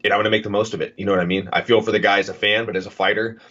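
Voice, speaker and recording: A man's voice: fairly low pitch, little pitch movement, rapid-fire, pushed and bright. A man in his thirties, a fighter guesting on a podcast over a video call, talking earnestly and rambling with lots of fillers. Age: 30s. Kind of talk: casual interview chat. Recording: dull lo-fi video call audio.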